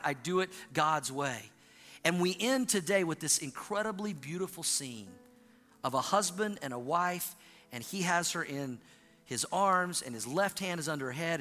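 A male pastor preaching a sermon in a church, animated, calling on the congregation to repeat lines after him. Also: fairly high pitch, moderate pace, in a large hall, faint music behind. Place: church sanctuary.

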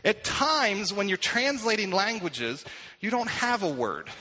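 A middle-aged male pastor preaching a sermon, telling stories with self-deprecating humor and dropping to a hush for quoted whispers. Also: high-pitched, sing-song, a little slow, long reverb tail, poor audio. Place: church.

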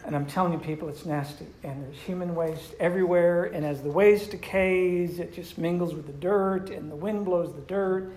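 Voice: medium pitch, normal speed, few pauses, a little mellow. A pastor giving a conversational sermon who tells stories and asks the audience questions. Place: room with a live audience. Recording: roomy echo with faint background noise.

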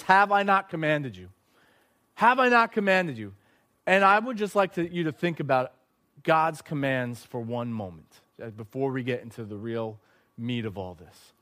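A young man gives a sermon in a slightly higher-than-usual voice. He talks to the crowd in a lively, storytelling way and asks them questions directly. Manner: lively storytelling, speaks straight to listeners. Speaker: preacher. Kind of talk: sermon to a live audience.

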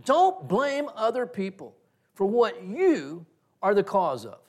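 A middle-aged man preaching a sermon, telling personal stories in an animated way and acting out the conversations in them. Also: sits high, takes it slowly. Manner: animated storyteller, acts out quoted exchanges with laughter. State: breathes through one side of nose. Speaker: pastor.

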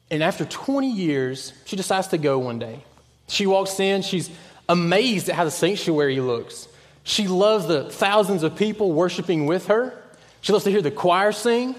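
Earnest high-voiced preacher in a reverberant church. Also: male voice, expressive, moderate pace. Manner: earnest, dropping to a hushed voice on key points. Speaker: pastor. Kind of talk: sermon.

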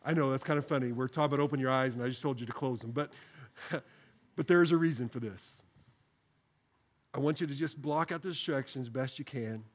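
Pastor, male, mid voice; earnest sermon close and prayer, slows down for phrases the church repeats. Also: medium pitch. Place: church sanctuary, broadcast service.

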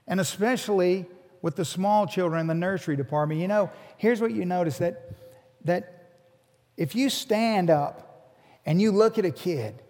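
A man's voice: sits high, moderate pace, a little mellow. A man preaching a sermon as a pastor, earnest and repeating his words as he builds each point. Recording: long hall reverb.

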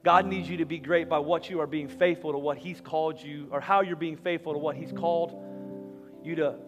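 In a large church auditorium, a pastor preaches a sermon and leads the congregation in an altar call prayer, his intensity rising to loud, fervent peaks. His voice is a little high, fairly quick, and fairly even in intonation, and the dull audio has long hall reverb with soft guitar behind.

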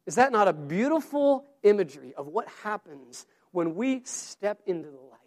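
Man, pastor, sermon, high-pitched, earnest, repeats words. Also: sing-song, moderate pace.

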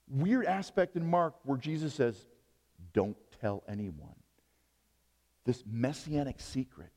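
A man's voice: medium pitch, darkish tone, in a large hall. A middle-aged male pastor preaching a sermon, joking and quizzing his congregation.

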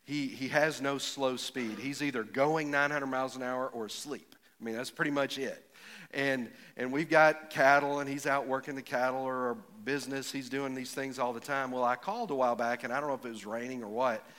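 A middle-aged man preaching a sermon with folksy stories, building from quiet reflection to emphatic punch lines. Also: medium pitch, fairly even intonation, a little fast. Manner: folksy storytelling, rising to emphatic, builds up to jokes. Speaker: pastor. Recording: echoey hall with long reverb.

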